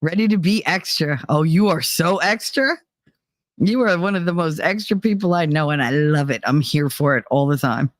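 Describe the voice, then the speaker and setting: A woman's voice: sits low, animated, normal speed, no room sound, studio quality. Giggly woman host rambling on stream. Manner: rambling and giggly, laughs often; fond of loud, over-the-top talk. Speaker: live stream host reading chat. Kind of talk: casual chat.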